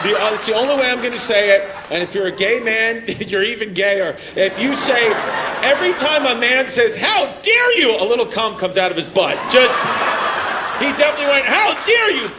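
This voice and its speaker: A man doing stand-up crowd work, brash and profane, laughing at his own jokes. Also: high voice. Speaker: stand-up comedian. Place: comedy club stage before a laughing crowd. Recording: club mic with loud crowd laughter and room noise.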